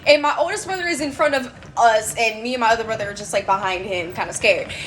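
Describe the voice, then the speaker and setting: A woman telling a true story from her childhood in a casual, animated, chatty way with lots of fillers. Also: a little high, quick pace, slight background noise. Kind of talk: casual storytime while crocheting.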